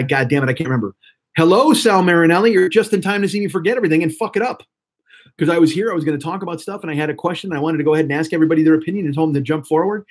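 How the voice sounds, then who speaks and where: A man's voice: on the high side, breathy edge. A man in his forties hosting a live stream, chatting casually and rambling profanely to viewers in the chat. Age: 40s.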